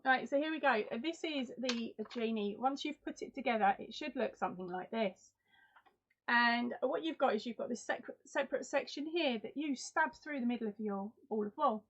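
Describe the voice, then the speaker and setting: A woman's voice: fairly high pitch, normal speed, muffled recording. A woman hosting a live crafting stream in casual chat, reading out and answering viewers' comments. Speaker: host.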